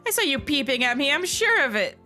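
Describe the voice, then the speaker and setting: A woman's voice: high voice, very animated, a little fast, faint music behind, pitched above the performer's own voice, full character voice. Woman voicing a paranoid hostile young man. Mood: hostile accusing. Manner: shouting accusations, loud and jumpy.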